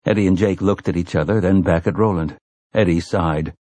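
A man reading a novel aloud as an audiobook narrator, expressive and shifting between character voices. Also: low-pitched, brisk, dry recording. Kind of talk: scripted narration.

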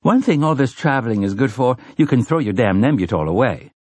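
A man's voice: mid-range voice, expressive, a little fast, a little mellow, husky, no room sound, pitched above the performer's own voice. A man voicing a brassy, teasing grown woman traveler in a storybook reading, with a sassy drawl.

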